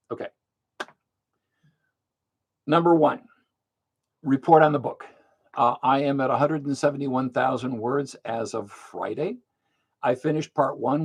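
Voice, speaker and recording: Speaking at medium pitch with a breathy edge, this older man runs a monthly livestream where he answers questions. His delivery is casual, blunt, and matter-of-fact, peppered with frequent fillers.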